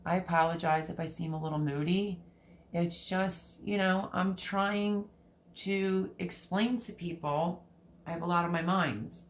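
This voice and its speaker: A middle-aged woman hosting a gardening channel, chatting candidly and emotionally with her viewers, rambling with many pauses. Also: lowish voice, fairly even intonation, a little hiss or hum. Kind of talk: personal vlog chat with live viewers.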